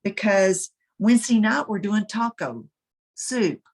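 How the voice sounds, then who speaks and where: A woman's voice: mid-range voice, animated, takes it slowly, a little mellow. Encouraging woman rallying her group. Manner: encouraging, with false starts. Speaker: group leader rallying members. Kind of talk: casual planning meeting.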